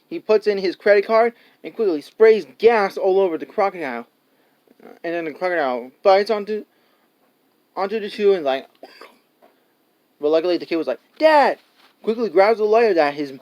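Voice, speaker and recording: Male reviewer, high smooth voice, loose rambling recap, acts out scenes. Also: a little mellow, dull audio. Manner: rambling, full of "like" and restarts; laughs often and acts out scenes. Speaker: movie reviewer. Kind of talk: casual spoken movie review.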